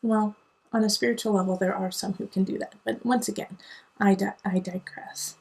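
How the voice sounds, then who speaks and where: A woman's voice: medium pitch, steady tone, moderate pace, creaky, a little mellow. A woman giving a casual tarot reading, talking in an earnest, digressive way that mixes encouragement with tough love. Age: adult parent. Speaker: tarot reader.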